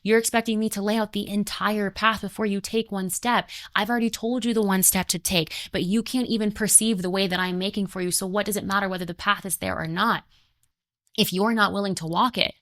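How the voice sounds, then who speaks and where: A woman voicing God as a patient, reassuring guide, speaking calmly and slowly. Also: medium pitch, dry recording, clean studio sound, lightly acted.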